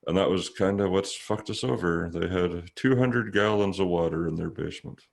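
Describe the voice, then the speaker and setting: Very deep-voiced casual man. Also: moderate pace, vocal fry. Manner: loose, rambling, swears a lot. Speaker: podcast host. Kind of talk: casual chat.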